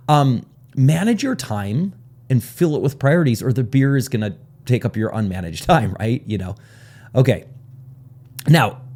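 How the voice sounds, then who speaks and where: A man's voice: medium pitch, warm tone. A man coaching on time management in a casual, rambling teaching talk, with frequent sidebars and "right?" check-ins.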